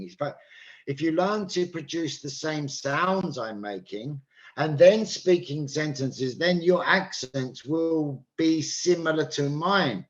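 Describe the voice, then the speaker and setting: A man's voice: fairly high pitch, fairly bright tone, highs cut off. An English man with a British accent, teaching pronunciation to an online class and patiently checking that listeners follow. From England. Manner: patient, checks understanding with "okay?".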